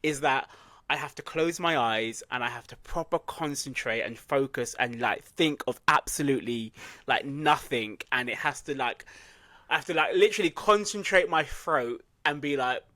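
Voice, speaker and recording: A man, co-hosting a casual podcast chat as an animated storyteller who laughs at himself. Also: mid-range voice, moderate pace, no echo. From England. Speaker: podcast co-host.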